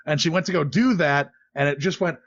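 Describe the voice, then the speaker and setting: A man's voice: on the high side, brisk, fairly bright tone, dull audio. A man co-hosting a podcast, telling a story in a rambling, hesitant way. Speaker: podcast co-host. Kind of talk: casual podcast chat.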